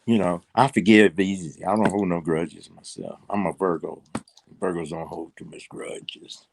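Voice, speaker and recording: A man's voice: low-pitched, fairly even intonation, normal speed, gravelly, slight background noise. An older man, a guest in a casual interview, rambling and repeating words with plenty of fillers.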